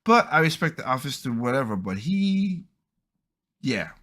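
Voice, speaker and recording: A man's voice: medium pitch, big pitch swings, normal speed, fairly bright tone. A man hosting a podcast, talking casually in a rambling, opinionated way. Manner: rambling, opinionated, acts out quoted people. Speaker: podcast host.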